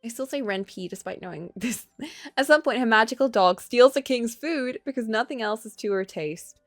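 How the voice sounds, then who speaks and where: A woman's voice: on the high side, moderate pace, dry recording, clean studio sound, faint music behind. A woman streaming a game live, reading its text aloud and chatting casually, laughing and gasping as she reacts. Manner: lively, chatty, laughs often, reacts with gasps.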